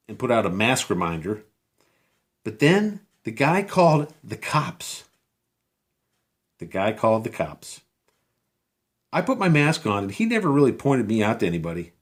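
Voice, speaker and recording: Male vlogger, lower pitch, rambling, incredulous storyteller, recorded outdoors. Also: big pitch swings, fairly quick. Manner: rambling, many fillers and restarts, incredulous. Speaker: vlogger telling a personal story. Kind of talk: casual storytelling to camera.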